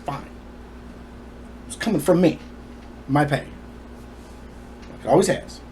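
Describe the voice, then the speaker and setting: A man's voice: on the high side, takes it slowly, darkish tone, a little hiss or hum. A man telling his personal story to the camera in an emphatic, indignant way.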